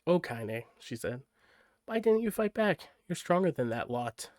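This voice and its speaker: Fierce coarse old granny, gruff and loud, read by a man. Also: fairly high pitch, very animated, a little slow, pitched above the performer's own voice. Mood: stern. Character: fierce tough old grandmother, small and strong.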